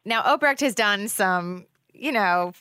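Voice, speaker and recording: A woman's voice: medium pitch, lively intonation, slow pace, pushed and bright, clean tone, dry recording, clean studio sound. A woman podcast interviewer asking questions in a friendly way and laughing along with her guest. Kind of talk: casual interview chat.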